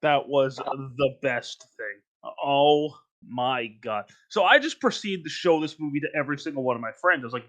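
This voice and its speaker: With an animated, slightly bright voice of medium pitch, this North Carolina man co-hosts a podcast at a moderate pace. The talk is loose and rambling, he stresses his points hard, and he laughs frequently.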